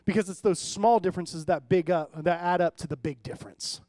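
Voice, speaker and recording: A man with a notably high voice preaches a sermon in a relaxed, conversational way. He keeps checking in with his listeners and slips into humorous storytelling. The sound is dry and close. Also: fairly quick, no echo. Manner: conversational preaching with frequent audience check-ins. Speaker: pastor.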